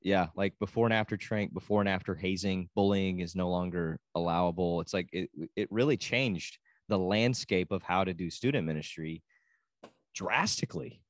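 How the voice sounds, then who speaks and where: Low-voiced man, dry close sound. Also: steady tone, normal speed, hardly any pauses, no room sound. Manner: rambling, laughs easily. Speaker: co-host, youth minister and musician. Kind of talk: casual podcast chat.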